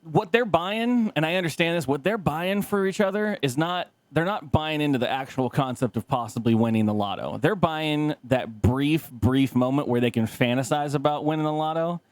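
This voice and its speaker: A man's voice: fairly high pitch, normal speed, hardly any pauses, dry recording. A man co-hosting a podcast, telling a rambling story with laughs and swearing, acting out other people's lines. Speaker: podcast co-host. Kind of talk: casual chat, storytelling.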